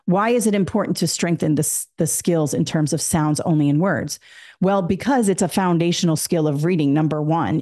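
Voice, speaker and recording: A woman's voice: on the low side, mellow. A woman teaching an exam prep lesson, explaining step by step and acting out classroom prompts. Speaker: test prep instructor.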